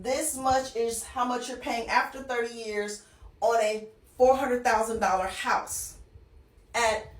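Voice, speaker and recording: This woman, whose voice is fairly high, explains a mortgage example in a casual walkthrough, frequently asking her listeners "okay?" as she goes. The financial educator is recorded off-mic in an echoey room.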